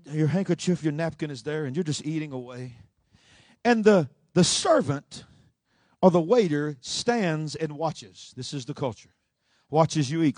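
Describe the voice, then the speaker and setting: A pastor preaching a sermon, swinging between shouting and a low, rhythmic delivery. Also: male voice, no room sound.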